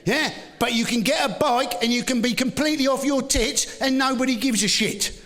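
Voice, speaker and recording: A British man performing a live stand-up routine, sarcastic and punchy, firing off rhetorical tag questions and shouted bursts. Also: very high-pitched, fairly quick. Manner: shouty bursts mocking a bigoted motorist. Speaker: stand-up comedian. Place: live comedy venue.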